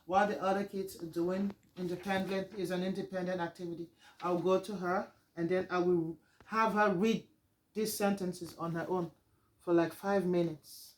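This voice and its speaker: A teacher walks through a reading lesson plan. The delivery is halting and explanatory, with frequent pauses to gather thoughts. The voice sits at a middling pitch. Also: fairly even intonation, poor audio.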